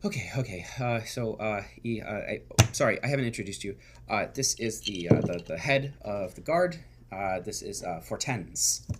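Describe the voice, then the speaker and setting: A man narrating as game master of a tabletop game, talking in halting bursts full of fillers and restarts. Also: on the low side, animated, noisy background.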